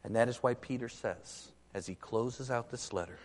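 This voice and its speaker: A man preaching a sermon in an earnest, emphatic way, slowing down to press key points. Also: mid-range voice. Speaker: pastor. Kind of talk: sermon with storybook reading. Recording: echoey hall with long reverb.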